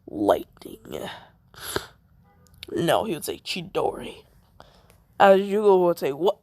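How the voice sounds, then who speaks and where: Rambling fan storyteller, slow and gravelly. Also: medium pitch, big pitch swings, warm tone, no room sound. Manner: rambling, full of fillers and self-corrections.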